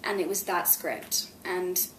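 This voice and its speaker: A woman's voice: fairly low pitch, slow, fairly bright tone, a little hiss or hum. A young woman in her twenties, an actress chatting animatedly in an interview, laughing often and filling her talk with "like". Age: 20s. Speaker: actress guest. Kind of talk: casual interview chat. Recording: roomy echo.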